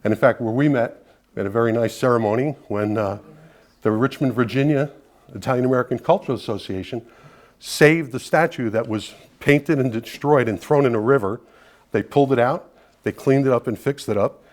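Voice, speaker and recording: Man, mid-pitched, advocacy leader addressing a group: earnest, persuasive, conversational, full of asides. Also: brisk. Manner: earnest, persuasive, with frequent "you know" asides. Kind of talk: conversational speech to an audience.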